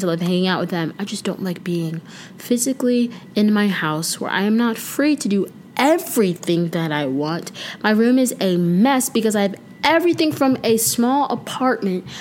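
A woman's voice: mid-range voice, a little hiss or hum. Chatty young woman rambling at home. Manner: rambling, chatty and self-deprecating, drifts off topic. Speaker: podcast host. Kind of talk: casual solo chat. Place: her bedroom at home.

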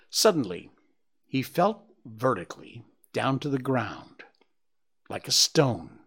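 Lively male storyteller reading aloud. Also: medium pitch, slow pace, long pauses, breathy edge. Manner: chatty and informal between chapters.

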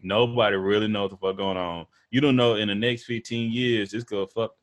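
A man's voice: fairly low pitch, steady tone, a little fast. A man with a Texan accent hosting a podcast, talking in a loose, profane, joking way. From Texas. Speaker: podcast host. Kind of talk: casual podcast chat.

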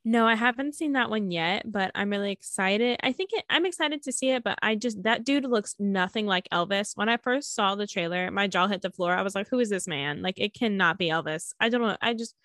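A woman's voice: mid-range voice, brisk, few pauses, fairly bright tone, no echo, studio quality. A young woman guesting on a casual podcast chat, rambling and hedging with frequent laughs.

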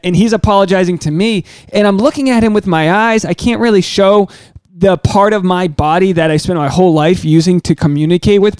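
High-voiced man telling an earnest story. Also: darkish tone, clear, resonant tone, no room sound. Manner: earnest, halting, self-mocking. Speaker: podcast host. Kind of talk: casual storytelling chat.

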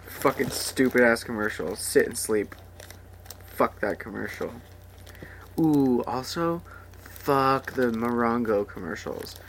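Slow, profane ranting man. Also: medium pitch, lively intonation, slight background noise. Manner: crude, sarcastic, mocks voices of ads. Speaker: podcast host. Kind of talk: profane rambling rant.

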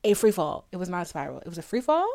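This podcast host is a young woman with a lowish voice, vocal fry, and a very fast delivery. Her story about dating wanders all over, full of swearing and drama, with the people in it voiced through lively impressions.

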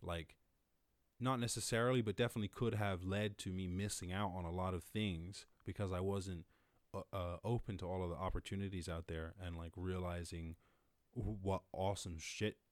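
A man hosting a casual solo podcast, rambling and swearing, laughing often and jumping to loud high exclamations. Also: steady tone, normal speed, no room sound. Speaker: podcast host.

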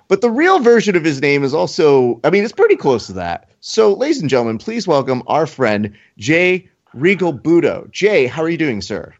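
A man's voice: fairly high pitch, big pitch swings, moderate pace, few pauses, highs cut off. Mock-outraged man telling a story. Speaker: podcast co-host. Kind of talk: casual banter, playful ranting.

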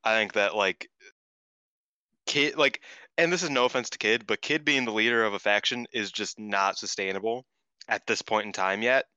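A man's voice: on the low side, moderate pace, pushed and bright, clear, resonant tone, dry recording, muffled recording. Blunt, swearing male co-host. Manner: blunt, profane, opinionated. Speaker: podcast co-host. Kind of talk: casual chat.

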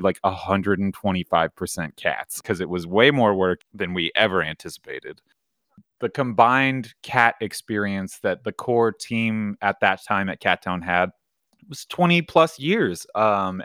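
A man's voice: on the low side, moderate pace, no echo. Profane, rambling man in dry sound. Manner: profane, animated, rambling with many fillers. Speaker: cat cafe co-founder. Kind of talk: casual storytelling interview.

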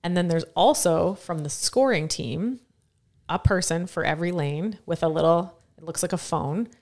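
A woman co-hosting a casual podcast chat, telling animated stories from her work as a competition judge. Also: lowish voice, normal speed. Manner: animated storyteller who acts out quotes.

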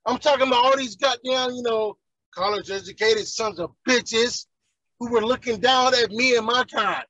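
A man's voice: very high-pitched, normal speed, pushed and bright, dry recording, rough recording. A man, ranting heatedly and profanely in casual chat as a podcast co-host.

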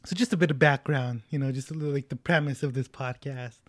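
A man's voice: mid-range voice, fast talker, no room sound, studio quality. A man of about twenty hosting a podcast in casual chat, rambling and self-mocking. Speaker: podcast host.

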